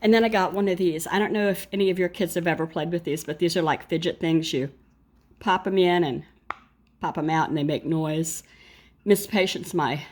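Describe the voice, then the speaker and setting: A woman's voice: on the low side, moderate pace, a little mellow. An older woman and grandmother chatting casually to camera about her shopping haul, rambling with asides and self-corrections. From United States. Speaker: vlogger showing a shopping haul.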